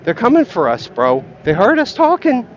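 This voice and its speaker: A man's voice: extremely high pitch, huge pitch swings, normal speed, highs cut off, a little hiss or hum. A man ranting and joking while walking outdoors, profane and rambling, talking straight to his viewers. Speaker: vlogger. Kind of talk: rambling comic rant. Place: outdoors, walking along a path.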